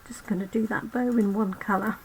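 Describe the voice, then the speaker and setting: Woman losing her voice, kinda gravelly, chatting slow thru a craft demo, faint hum behind. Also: mid-range voice, steady tone. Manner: chatty, talks to viewers while working. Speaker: crafting channel host. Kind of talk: live card-making demo.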